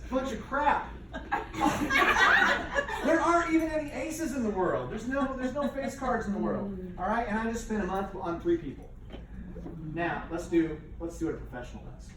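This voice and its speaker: A woman's voice: fairly high pitch, sing-song, normal speed. A woman leading a team training session, talking playfully and exclaiming often as she acts out a demonstration. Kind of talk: lively training demo with a live audience. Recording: echoey room, voice from far off, background noise.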